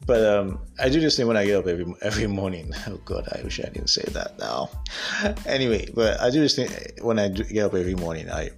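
A man's voice: lowish voice, expressive, quick pace, creaky, soft background music. A man from Africa hosting a solo motivational podcast. He talks candidly and rambles, and he often laughs at himself. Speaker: podcast host.

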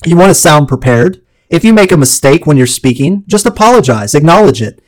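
A man hosts a solo advice podcast in a slightly high voice. He speaks in a measured, deliberate way and drops in playful, jokey asides. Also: poor audio. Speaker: podcast host.

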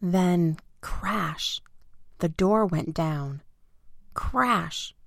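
Slow, expressive woman storybook reader. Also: on the low side, dry recording, studio quality. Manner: simple, expressive first-person reading. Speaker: narrator. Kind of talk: children's storybook reading.

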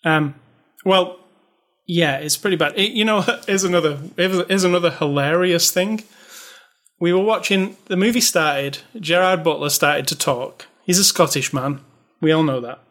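A man's voice: fairly high pitch, moderate pace, a bit bright. A man co-hosting a casual movie review chat, blunt and sarcastic, laughing often. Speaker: podcast co-host reviewing a movie.

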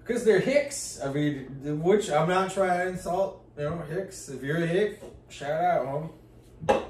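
A man's voice: a little high, normal speed, darkish tone. A man co-hosting a casual podcast, rambling, restarting often, and swearing casually. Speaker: podcast co-host. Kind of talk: casual chat. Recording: roomy, distant mic with faint noise.

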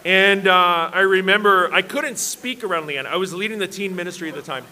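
Bright-voiced joking male preacher. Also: high voice, brisk. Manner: self-deprecating, joking storyteller. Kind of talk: sermon with humorous personal stories. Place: church worship service.

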